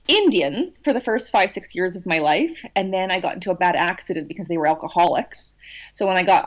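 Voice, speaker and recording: Animated woman telling a personal story. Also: fairly low pitch. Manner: animated, cheeky storytelling with many restarts. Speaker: guest channeler. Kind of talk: storytelling in a podcast interview.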